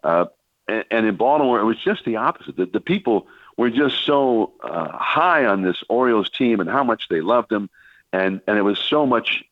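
A man's voice: on the low side, animated, moderate pace, no echo. Older man telling stories over a phone line. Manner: rambling anecdotal storytelling with many restarts and fillers. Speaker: veteran baseball broadcaster, studio guest. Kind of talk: storytelling on a sports talk radio show.

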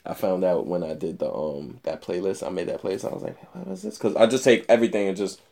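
A man's voice: deep voice, quick pace, darkish tone. A man co-hosting a casual music podcast, talking in a laid-back, rambling way with lots of fillers. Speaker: podcast co-host.

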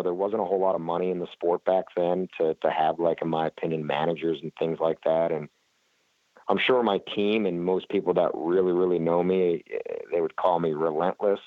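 This guest, a man who races flat track, speaks in a low register during an interview, chatting loosely and rambling with frequent fillers and restarts. There's no echo, but the audio is narrow and tinny.

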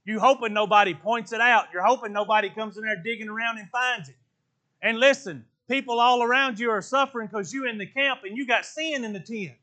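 A male preacher giving an emphatic sermon in an unusually high, bright voice. He talks in plain colloquial speech and moves between loud exclamations and low, earnest stretches. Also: a little fast.

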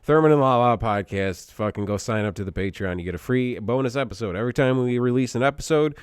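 A man's voice: medium pitch, fast, clear, resonant tone, no room sound, clean studio sound. A man co-hosting a podcast, chatting crudely and telling stories with lots of swearing. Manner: profane, animated storytelling with jokey voices. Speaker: podcast co-host. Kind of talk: crude casual banter.

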